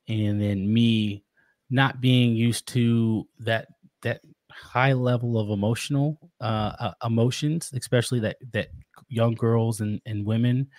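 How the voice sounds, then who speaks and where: A man's voice: fairly low pitch, steady tone, unhurried, darkish tone, dry recording, studio quality. A man guesting on a podcast, talking about being a father in an earnest, reflective way, often restarting his sentences. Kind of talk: casual interview talk.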